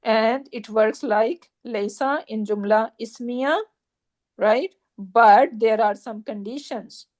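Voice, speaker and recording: A woman's voice: a little high, takes it slowly, darkish tone. A woman teaching a grammar class, explaining step by step, repeating key points and checking that students follow.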